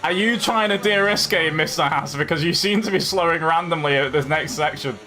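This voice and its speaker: Brisk and a little high, a young sim racing streamer's voice carries his live commentary on his own race. He stays animated throughout, addressing opposing drivers and chat while racing.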